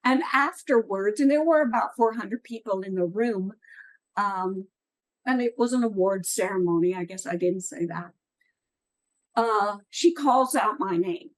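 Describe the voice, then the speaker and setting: Slow, earnest woman teaching writers. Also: medium pitch, rough recording. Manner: earnest, encouraging, unhurried. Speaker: writing workshop speaker. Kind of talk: writing workshop talk. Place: meeting room.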